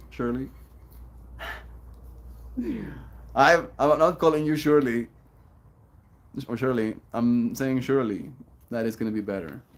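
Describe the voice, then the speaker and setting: A young man chatting casually on his daily livestream, musing and reading encouraging lines aloud slowly. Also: mid-range voice, slight background noise. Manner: relaxed, musing, reads affirmations aloud slowly. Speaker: daily streamer.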